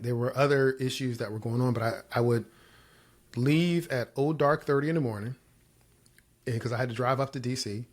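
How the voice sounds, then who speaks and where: A man in his forties telling his story on a podcast. He talks at a middling pitch and keeps it lively, leaping up in pitch whenever he acts out what he once said. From Virginia, US. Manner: animated storyteller, jumps high when quoting himself. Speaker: guest. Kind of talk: storytelling interview answers.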